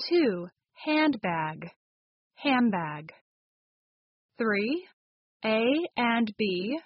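A woman's voice: on the high side, dry recording, lo-fi sound. An American woman hosting a language lesson, reading a scripted explanation and carefully modelling pronunciation examples. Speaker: English teacher and show host. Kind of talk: scripted slow teaching narration.

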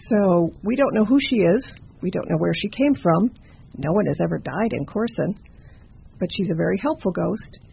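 A woman's voice: on the low side, lively intonation, normal speed, gravelly, husky, highs cut off. A woman telling a campfire ghost story in a conversational way, with stumbling asides.

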